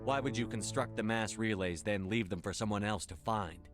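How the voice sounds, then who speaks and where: A man's voice: lowish voice, normal speed, over music, natural voice. A man playing a defiant soldier commander. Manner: firm, challenging questions. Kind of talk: video game dialogue.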